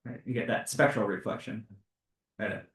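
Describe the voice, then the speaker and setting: A male high school physics teacher lecturing his class casually, with lots of fillers and checks of "right?". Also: fairly even intonation, moderate pace, fairly bright tone. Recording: roomy classroom, mic far off.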